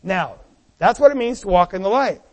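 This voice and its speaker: A man preaching a sermon as pastor, animated, with rhetorical questions to the congregation. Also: sits high, moderate pace, long reverb tail.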